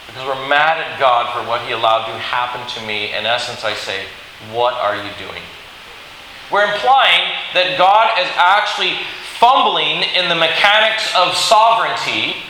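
A man preaching a sermon, telling a Bible story in an animated way and acting out the quoted lines. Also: fairly high pitch. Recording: very echoey hall with faint hiss.

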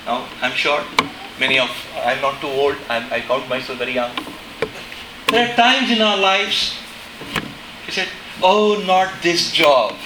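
A middle-aged man preaching a sermon in a chapel, impassioned, dropping to a hush and rising to shouts. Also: mid-range voice, normal speed, long pauses, reverberant, noisy background. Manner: impassioned, swings between hushed and shouting.

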